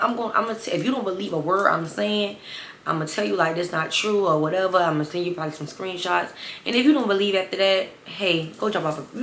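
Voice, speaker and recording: A woman's voice: medium pitch, fairly bright tone. A young woman in a casual storytime vlog, talking emphatically to viewers. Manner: chatty, emphatic, addresses viewers as y'all. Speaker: storytime vlogger. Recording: roomy echo, faint ambient noise.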